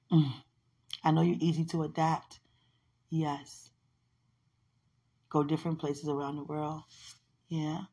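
A woman's voice: sits low, a little mellow. A woman in casual, heartfelt one-sided talk, rambling and affectionate, often laughing, with religious phrasing.

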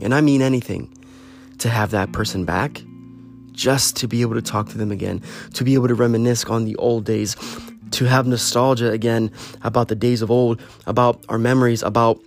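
Earnest man pleading softly over faint guitar. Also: lowish voice, gravelly. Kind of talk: personal heartfelt monologue. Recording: faint guitar music behind.

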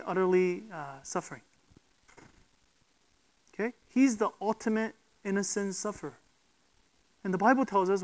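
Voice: medium pitch, poor audio. A preacher giving a sermon, speaking emphatically, posing rhetorical questions and often checking in with the listeners.

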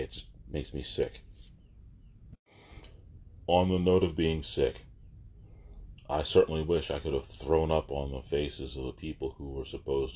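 A man's voice: very deep voice, darkish tone, breathy edge. A man vlogger telling a story in a casual, exasperated, ranting way.

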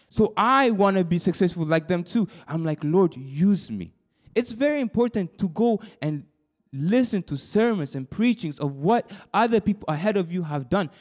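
Brief: young man, youth preacher, fairly high voice, moves between quiet confession and excited high-pitched bursts, repeats himself as he goes. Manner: swings from soft confiding to high excited bursts; repeats words and restarts mid-sentence. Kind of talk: sermon.

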